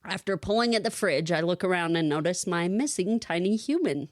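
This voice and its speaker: A woman co-hosting a podcast, telling a lively personal story in casual chat and laughing often. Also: lowish voice, brisk, no echo, clean studio sound. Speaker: podcast co-host.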